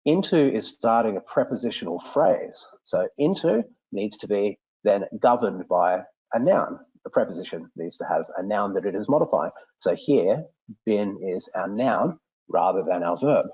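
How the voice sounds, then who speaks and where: A man teaching, demonstrating software for a lesson in an explanatory, enthusiastic way. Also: moderate pace, husky, lo-fi sound. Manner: explanatory, enthusiastic, with lively pitch swings.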